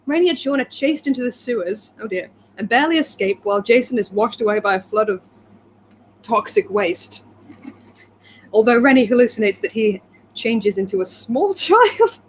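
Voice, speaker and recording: A woman's voice: fairly high pitch, very animated, moderate pace, a little hiss or hum, rough recording. A woman co-hosting, reading a timeline aloud with giggly, chatty asides in casual banter. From England. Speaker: co-host.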